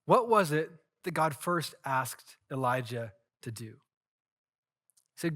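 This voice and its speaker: A man preaching a sermon as pastor, telling a story earnestly with dramatic swings in loudness. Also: a little high, expressive, slow pace.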